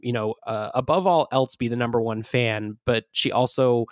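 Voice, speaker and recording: Male podcast co-host, mid-pitched, dry close voice, rambling and chatty. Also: moderate pace, dry recording. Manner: rambling, filler-heavy, laughs often. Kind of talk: casual chat.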